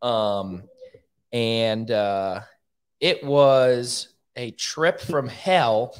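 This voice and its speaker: A man's voice: mid-range voice, very slow, smooth. A man hosting a podcast, telling a story in a loose, profane ramble. His voice sits mid-range, and he pokes fun at himself as he goes. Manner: profane, animated, self-mocking. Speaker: podcast host. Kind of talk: casual storytelling.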